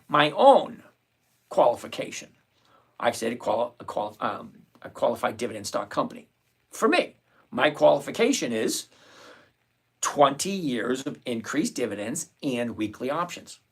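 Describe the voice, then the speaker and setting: A man's voice: medium pitch, very animated, moderate pace, a bit bright, husky. A man hosting a live trading stream, answering chat and repeating his points emphatically. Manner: emphatic, repeats key phrases, lectures; reads viewer comments aloud. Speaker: livestream trading host.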